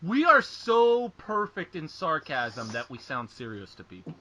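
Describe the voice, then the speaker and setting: Animated sarcastic man, bright voice. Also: a little high, measured pace, low-quality recording. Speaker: podcast co-host. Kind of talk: casual wrestling chat.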